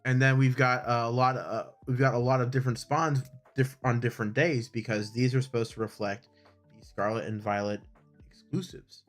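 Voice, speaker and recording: A man co-hosts a casual game news chat, upbeat as he runs through event lists. His voice sits at a middle pitch. Faint music plays quietly behind him. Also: steady tone, moderate pace. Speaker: co-host.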